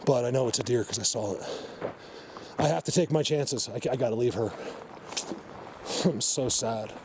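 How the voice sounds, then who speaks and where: Emotional guy filming himself in the woods, soft coaxing voice, fretting to viewers, lots of outdoor noise behind. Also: mid-range voice, normal speed. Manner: emotional, soothing and fretful, addresses viewers directly. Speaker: vlogger. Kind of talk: on-the-spot nature vlog.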